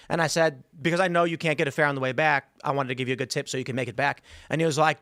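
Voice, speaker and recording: A man's voice: a little high, fast, a bit bright, dry recording. A male show host chatting in a studio, a rambling storyteller who acts out the voices of people in his stories. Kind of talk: casual studio chat.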